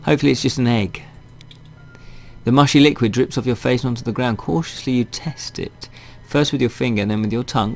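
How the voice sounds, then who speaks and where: A man's voice: medium pitch, fairly quick. A man reading a fantasy video game aloud in a wry, chatty way and thinking aloud as he plays. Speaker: gaming channel host.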